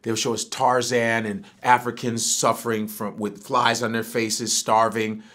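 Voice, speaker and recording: An American man, a guest in a casual interview, talking emphatically and profanely and building to loud outbursts. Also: medium pitch, little pitch movement, a little slow. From United States.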